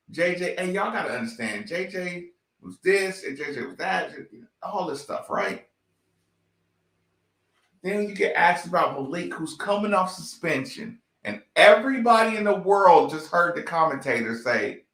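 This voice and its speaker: A man's voice: high voice, big pitch swings, normal speed, a bit bright. A man giving blunt, profane fan commentary on a basketball team, ranting in slang. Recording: echoey room.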